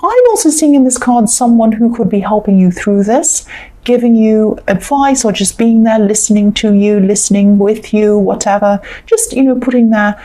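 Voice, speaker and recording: A woman reads tarot cards in a relaxed, chatty monologue. Her voice is mellow and dark rather than bright, and she rambles as she acts out imagined exchanges between people. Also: mid-range voice, normal speed, poor audio. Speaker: tarot reader. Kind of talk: casual tarot reading monologue.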